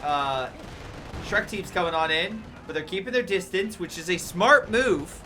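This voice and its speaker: A man giving quick, excited play-by-play commentary on a strategy game tournament. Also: high-pitched, slight background noise. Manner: quick, excited calls of the action. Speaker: game caster.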